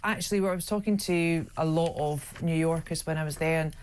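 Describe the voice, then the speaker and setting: A woman's voice: sits low, a little fast, darkish tone, slight background noise. A woman chatting as a guest in a radio studio, bubbly and joking. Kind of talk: casual chat.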